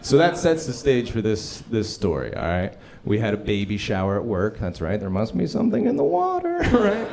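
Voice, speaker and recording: Animated, profane stand-up comedian. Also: male voice, fairly low pitch, normal speed, gravelly, hardly any pauses, noisy background. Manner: animated, profane storytelling with frequent asides. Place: comedy club stage.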